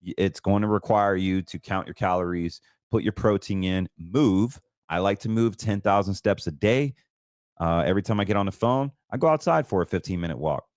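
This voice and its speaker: Blunt, deep-voiced Southern man ranting. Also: a little mellow, no room sound, studio quality. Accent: Southern American. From North Carolina. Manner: blunt, ranting, laughs at critics. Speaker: host. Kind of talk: casual monologue.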